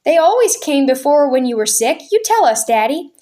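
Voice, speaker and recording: A woman reading the lines of curious, eager children from a big family, pleading and lively. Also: high-pitched, moderate pace, pitched above the performer's own voice.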